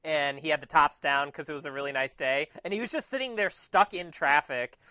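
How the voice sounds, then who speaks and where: A man co-hosting a casual podcast, telling stories with self-mocking humor. His voice is bright and a little high. The recording is dry. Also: fairly quick, no echo. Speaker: podcast co-host. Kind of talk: casual chat.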